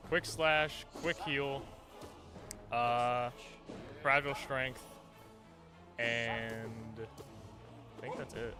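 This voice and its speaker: A man playing a video game and calmly explaining its details in casual chat. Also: mid-range voice, extremely slow, long pauses, over music. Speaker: player in a gameplay playthrough.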